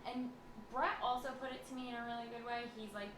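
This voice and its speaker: A woman's voice: fairly high pitch, steady tone, fast talker. A woman co-hosting a casual podcast, chatty and saying "like" a lot. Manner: chatty, says "like" often. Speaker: co-host. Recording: echoey room with clear background noise.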